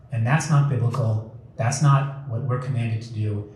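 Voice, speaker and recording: A man's voice: mid-range voice, steady tone, normal speed, a little mellow, far from the mic, slight background noise. Earnest young man in an echoey hall. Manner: passionate, earnest, emphatic. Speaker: guest speaker. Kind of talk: public talk at an event. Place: community center hall.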